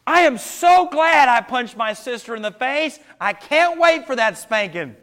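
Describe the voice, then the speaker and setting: A man's voice: animated, unhurried, pushed and bright, exaggerated voice. A man putting on a whiny, begging little kid. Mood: sarcastic. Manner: high, begging and breathless. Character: whiny little kid pleading to dodge punishment.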